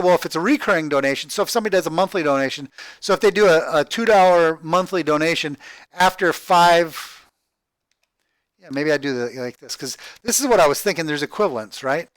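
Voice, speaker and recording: Halting, rambling man thinking aloud. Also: sits high, fairly bright tone, no room sound. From Texas, USA. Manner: halting, repeats words, thinks aloud, tags "right?". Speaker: crowdfunding project vlogger. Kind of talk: rambling screen-share walkthrough.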